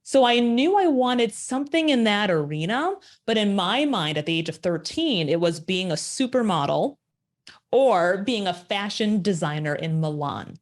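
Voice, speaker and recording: A woman in her forties from Minnesota, telling her story as a podcast guest with lively rhetorical questions. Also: medium pitch, moderate pace. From Minnesota, USA. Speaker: podcast guest, agency founder. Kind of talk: casual interview storytelling.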